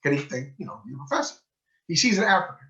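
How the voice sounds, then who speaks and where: A man's voice: fairly high pitch, fast talker. A man giving a book club talk as a sheikh, telling a story with energy and acting out quoted dialogue. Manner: animated storyteller who acts out quoted dialogue. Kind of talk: storytelling lecture. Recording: muffled lo-fi recording.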